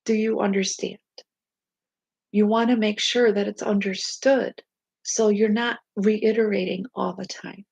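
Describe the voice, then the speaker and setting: A woman life coach, unwell, giving steady self-help advice from her bed into a laptop mic. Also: medium pitch, measured pace, creaky, breathy edge, no echo, dull audio. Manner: steady, instructive, reading from notes. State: unwell, low energy. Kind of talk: casual self-help talk. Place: bed at home.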